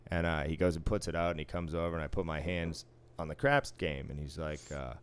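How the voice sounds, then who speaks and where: A man's voice: rumbling low, a little fast, clear, resonant tone. Profane man telling a casino story. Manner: profane, wry, acts out quoted exchanges. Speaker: casino floor supervisor. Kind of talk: casual storytelling chat.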